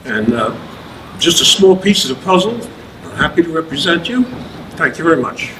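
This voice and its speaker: Older man, halting, far from the mic. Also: on the high side, big pitch swings. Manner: halting and modest. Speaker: award recipient. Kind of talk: acceptance speech. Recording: distant mic in a noisy hall.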